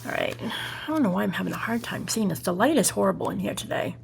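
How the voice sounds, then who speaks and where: A woman's voice: mid-range voice, expressive, quick pace, gravelly, a little hiss or hum. A woman with a Boston accent hosting a casual crafting tutorial, chatty and rambling, correcting herself and checking that viewers are following along.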